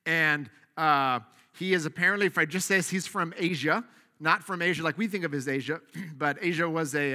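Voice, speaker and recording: Pastor, male, bright and forceful tone, casual asides, long church reverb. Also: fairly high pitch. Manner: casual, animated preaching with asides; soft, slow prayer. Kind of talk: sermon.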